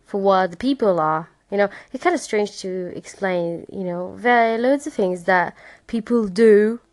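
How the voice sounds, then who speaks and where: A woman from Romania hosts her own podcast in a slow, easygoing way, laughing as she thanks callers. Her voice sits close to the mic with a dry sound and no room around it. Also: medium pitch, darkish tone, dry recording. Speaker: podcast host. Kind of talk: casual podcast chat.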